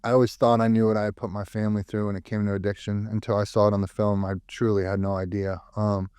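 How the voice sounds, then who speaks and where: A man's voice: on the low side, level tone, quick pace, a little mellow, clean tone, no room sound. A man hosting a podcast interview in a laid-back, conversational way, speaking casually to his guest. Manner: laid-back, calls guest dude, many fillers. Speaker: podcast host.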